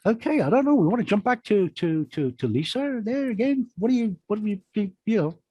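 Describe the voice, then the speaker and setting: A man's voice: sits high, expressive, brisk, dark tone, breathy edge. A man, a magician, telling a rambling show-business story in a panel chat over a video call, often correcting himself.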